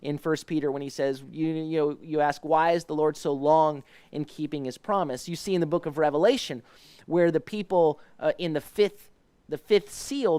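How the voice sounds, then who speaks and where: A pastor leads a live devotional Bible study, a man with a somewhat high voice. He reads verses softly and pleadingly, then explains Hebrew words with frequent restarts and fillers. The recording is dry and close, with no room sound. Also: dry recording.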